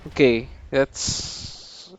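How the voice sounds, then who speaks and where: A young adult gamer with a Filipino accent, reacting playfully over gameplay. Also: slight background noise. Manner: playful, exclaiming, slow and drawn out. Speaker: gamer streamer. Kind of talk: casual gameplay commentary.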